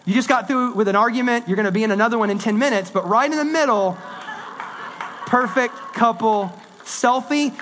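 Animated man preaching a casual sermon. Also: high-pitched, very fast, few pauses, slight background noise. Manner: conversational, animated preaching with swings between loud and hushed. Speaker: pastor.

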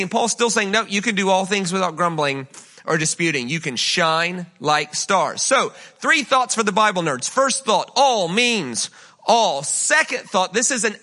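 A man preaching a sermon as a guest speaker in a church, energetic and conversational, with lots of rhetorical questions to the congregation. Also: sits high. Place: church sanctuary.

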